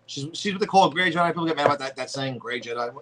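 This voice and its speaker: A man's voice: on the high side, very fast, a loud crowd, low-quality recording. A man co-hosting a casual podcast, blunt and joking, swearing freely. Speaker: podcast co-host. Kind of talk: casual profane chat.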